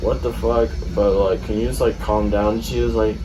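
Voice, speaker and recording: A man's voice: fairly low pitch, steady tone, moderate pace, a little mellow, soft background music. Rambling young man telling a story, mic far off. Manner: rambling, profane, retells with quoted dialogue. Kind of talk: casual storytime chat. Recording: distant mic with faint noise.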